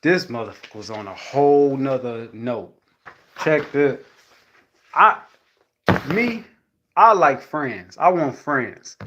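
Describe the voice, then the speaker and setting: A man's voice: lively intonation, takes it slowly, pauses often, muffled recording, slight background noise. A man with a young son talks casually to viewers in a rambling, profane monologue, repeating "you know what I'm saying" and acting out the voices of the people he quotes. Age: adult with a young son. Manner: acts out quoted voices, jumping high and loud. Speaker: vlogger speaking to viewers.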